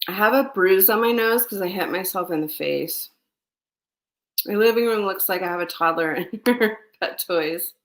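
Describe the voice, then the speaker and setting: A woman's voice: medium pitch, moderate pace. A woman casually chatting on a live stream from her home, reading viewer comments and gossiping while eating breakfast. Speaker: livestream host. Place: home under construction. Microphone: phone.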